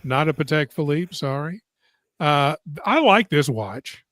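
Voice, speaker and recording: A man's voice: on the high side, animated, a little slow, fairly bright tone, dry recording, clean studio sound. A man hosting a casual live stream, chatting and reading viewer comments aloud. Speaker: host.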